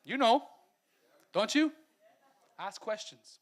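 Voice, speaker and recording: An Irish pastor with a notably high voice delivers a sermon in a loose, chatty way. He breaks into acted-out snippets of dialogue and laughs at his own asides, then presses his point home with repeated phrases. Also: a little fast. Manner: lively, conversational preaching that acts out quotes and laughs at himself. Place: church service.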